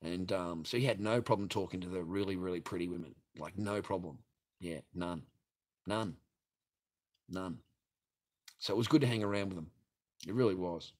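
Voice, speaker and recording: A man's voice: sits low, darkish tone, slight background noise. A man with an Australian accent rambling through a blunt, profane story to his livestream viewers. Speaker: livestream host.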